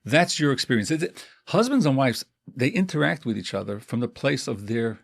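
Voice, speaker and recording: A middle-aged man, a couples therapist, giving advice in an animated conversational way and acting out examples. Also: mid-range voice, brisk, gravelly, dry recording. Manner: animated, repeats himself, acts out examples.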